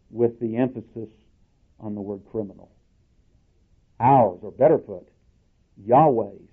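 A man preaching a sermon in a deliberate, emphatic way. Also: on the low side, slightly rough. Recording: tinny phone-like audio.

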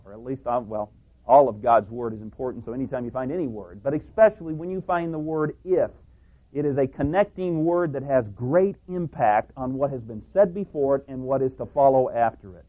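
A man preaching a sermon, stressing single words hard and walking through verses. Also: a little fast. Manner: emphatic, stressing single words with big pitch jumps. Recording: tinny phone-like sound.

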